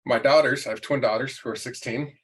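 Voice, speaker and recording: A man's voice: mid-range voice, steady tone, quick pace, breathy edge, rough recording. A man in his forties hosting a podcast, telling a lighthearted family story in a chatty, joking way. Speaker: podcast host. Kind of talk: casual interview chat and anecdote.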